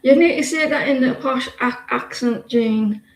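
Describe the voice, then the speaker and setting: A woman's voice: high voice, normal speed, reverberant, rough recording. A woman giving casual, teasing tarot readings on a live stream, chatting to viewers and laughing often.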